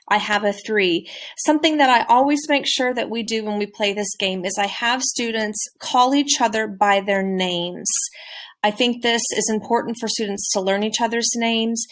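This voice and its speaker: Encouraging woman teacher presenting a lesson. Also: a little high. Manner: clear, encouraging, with modeled questions.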